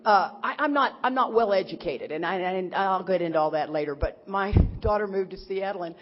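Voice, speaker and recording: A woman's voice: mid-range voice, a little fast. A middle-aged woman from Texas, a speaker at a recovery convention, telling a humorous, rambling personal story and acting out what others said. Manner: animated, rambling, acts out quotes of others. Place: large convention hall. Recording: echoey hall, dull lo-fi sound.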